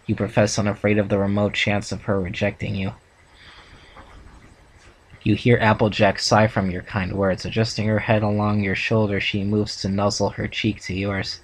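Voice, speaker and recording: A man reading a second-person fan story aloud for a reaction video, steady with small restarts. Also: fairly low pitch, moderate pace, low-quality recording. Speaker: fan fiction reader.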